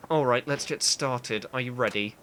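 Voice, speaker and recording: A man voicing a whiny, haughty young male aristocrat and weapons master in a video game, with a deep voice and a condescending, scolding manner. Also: moderate pace, a bit bright, a little hiss or hum, close to an everyday voice. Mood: instructive. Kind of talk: reading game dialogue aloud.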